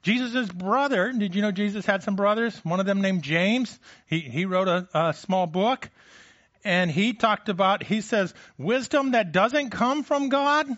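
A man's voice: sits high, normal speed, fairly bright tone, no echo, dull audio. A man preaching a sermon in a conversational way, with frequent restarts and rhetorical questions. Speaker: pastor.

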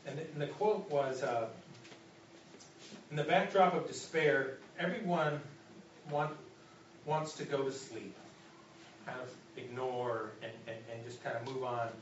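This pastor, a man of medium pitch, preaches a sermon built around a story, halting and restarting often before rising to an urgent challenge and ending in a closing prayer. It's a roomy, dull PA recording captured at a distance in a church sanctuary, with a little hiss or hum.

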